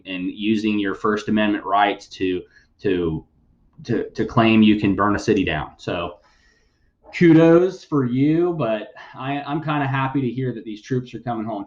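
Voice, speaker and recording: Man, podcast host, blunt sarcastic rant, lowish voice, roomy dull recording. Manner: sarcastic, blunt, swears freely. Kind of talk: opinionated news commentary.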